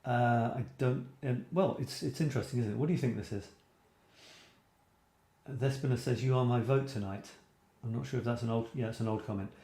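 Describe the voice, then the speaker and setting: A man's voice: medium pitch, brisk, mellow. A man hosting a casual photography live stream, reading out viewer comments and musing aloud with fillers and restarts. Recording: roomy echo.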